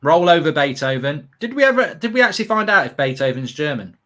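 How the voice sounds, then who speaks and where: A male host doing live football watchalong banter with a swinging, very lively pitch. His voice sits a little high, and he rants and swears as he goes. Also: fast. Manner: animated, ranting, swearing.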